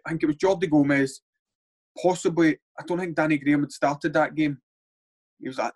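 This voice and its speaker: A young Scottish man, a footballer by trade, spins stories in loose casual chat. He gets animated, swears freely and acts out what others said to him. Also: fairly high pitch, fairly quick, pauses often. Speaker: footballer guest. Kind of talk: casual storytelling.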